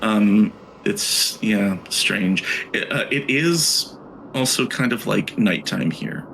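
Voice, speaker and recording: A man running a tabletop horror game as game master, narrating with many pauses and fillers. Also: on the low side, gravelly, a bit bright, slight background noise, rough recording. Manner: hesitant, searching for words with many fillers.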